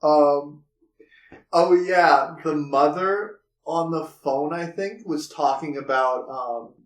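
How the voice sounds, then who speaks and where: A man with a slightly high voice talks through a film in a loose, rambling way, full of fillers and asides. He sounds like he's in an echoey room, chatting as a podcast co-host. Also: slow. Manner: rambling, filler-heavy, laughs while retelling scenes. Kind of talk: casual movie review chat.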